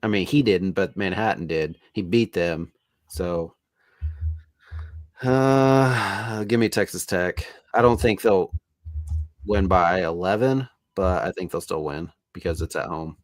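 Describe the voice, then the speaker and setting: Slow-talking low-voiced man. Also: dry recording, clean studio sound. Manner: slow, halting picks. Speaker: co-host. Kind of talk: casual sports chat.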